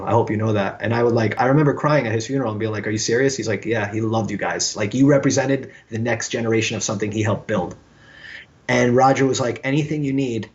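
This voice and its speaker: A man, telling stories as a guest in a casual interview and acting out the voices of the people he quotes. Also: medium pitch. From Brooklyn, New York. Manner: animated storyteller who acts out quoted dialogue. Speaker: guest musician. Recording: slightly dull lo-fi sound.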